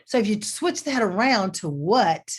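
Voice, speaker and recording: A woman's voice: mid-range voice, big pitch swings, normal speed, husky. A woman career coach speaking as a guest on a talk show. She explains things step by step and acts out example questions to show her point. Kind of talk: conversational teaching.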